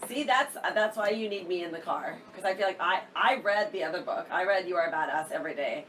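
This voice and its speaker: A woman's voice: fairly low pitch, fast talker, fairly bright tone, far from the mic, a little hiss or hum. A woman co-hosting a podcast in casual chat, giggly and chatty, often restarting her sentences. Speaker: podcast co-host.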